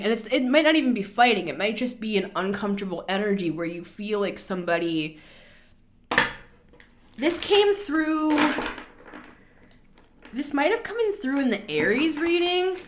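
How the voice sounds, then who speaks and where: Woman reading tarot, rambly and chatty, goes off on animated tangents. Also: on the high side, moderate pace, pauses often. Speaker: tarot reader.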